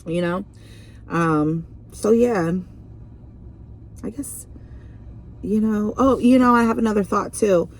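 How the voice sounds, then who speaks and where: A woman's voice: mid-range voice, slow, long pauses, darkish tone. A young woman reading tarot in a casual vlog, chatty and rambling, full of fillers and restarts. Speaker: tarot reader.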